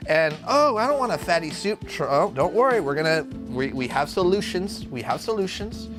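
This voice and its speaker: A brash young man talks his way through a live cooking stream, swearing freely and drifting off topic. His voice sits a little high and swings widely up and down. Guitar music plays clearly under him. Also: very animated, moderate pace. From Arizona. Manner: brash, profane, jumps between topics.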